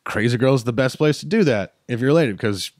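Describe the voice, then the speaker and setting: A man's voice: medium pitch, expressive, fairly quick, a little mellow, no echo, studio quality. A man in his thirties, a comedian guest on a podcast, casually telling a long story full of "uh"s and self-corrections.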